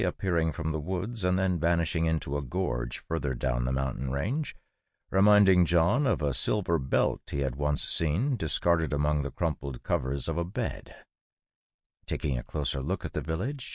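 A man with an extremely low, booming voice reads a fantasy audiobook. His delivery is measured and steady, and the recording is dry and close with no room sound. It sounds like a studio booth. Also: creaky, no echo. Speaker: audiobook narrator. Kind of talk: scripted fantasy audiobook narration.

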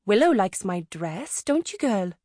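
A woman voicing a playful, fond adoptive mother with a Welsh accent, teasing gently in an audiobook. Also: medium pitch, big pitch swings, unhurried, dry recording, clean studio sound. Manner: bright and teasing. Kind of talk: audiobook character reading.

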